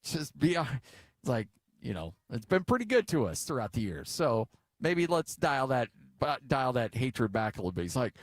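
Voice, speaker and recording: A middle-aged American man hosts a sports talk show in a chatty, storytelling way. His voice sits at a middle pitch, and the booth sound is dry and close. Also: sing-song, normal speed, dry recording. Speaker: sports radio host.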